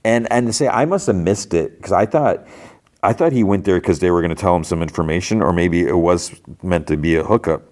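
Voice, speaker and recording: A man with a very low voice talks through a show recap in loose, casual chat. He keeps restarting his sentences and leans on fillers as he goes. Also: fairly quick, a little mellow. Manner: rambling, filler-heavy retelling with many restarts. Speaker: podcast host.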